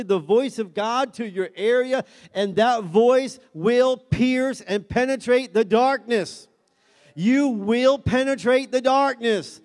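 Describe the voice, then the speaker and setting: A man's voice: extremely high pitch, big-room sound. A man preaching a sermon as pastor, calling out to the congregation and building in intensity. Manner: preaching with call-and-response and rising intensity.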